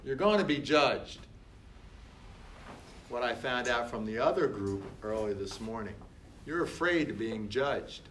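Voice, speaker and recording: A man's voice: mid-range voice, expressive, measured pace, pauses often, a bit bright, slight background noise. A man speaking as a coach in a motivational talk. He is emphatic and repetitive, and he acts out other people's words.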